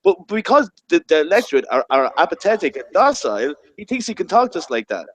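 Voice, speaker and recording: A man's voice: high voice, big pitch swings, quick pace. An Irish man on a roundtable panel, talking bluntly and with indignation, swearing as he goes. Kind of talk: heated roundtable discussion.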